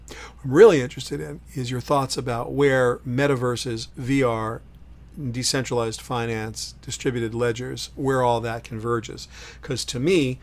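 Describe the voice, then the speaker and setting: Hosting a livestream on his own, this middle-aged man speaks in a mid-range voice. He's emphatic and full of opinions, alternating punchy, loud statements with softer asides.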